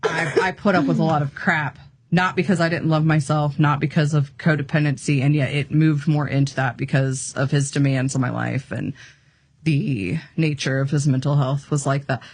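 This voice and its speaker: Podcast co-host, woman, low pitch, dry close mic, candid storyteller. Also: fairly even intonation, moderate pace, husky, no room sound. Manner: candid, laughs often while storytelling. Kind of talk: casual chat.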